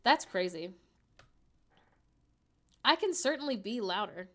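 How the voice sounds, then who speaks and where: A young woman streams from home on a desk microphone, chatting casually in a medium-pitched, expressive voice and taking her time. She jokes around and often laughs at herself.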